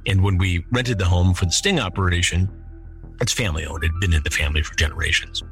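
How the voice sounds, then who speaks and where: A man's voice: low voice, fast, gravelly, fairly bright tone, soft background music. A middle-aged man hosting a true-crime podcast, reading chat logs aloud and adding incredulous, indignant commentary. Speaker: podcast host.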